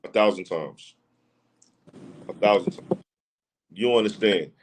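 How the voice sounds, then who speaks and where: An unhurried, lowish male voice comes through against a noisy background. As a podcast guest in relaxed conversation, he's emphatic, repeats himself, and keeps asking if you know what he's saying.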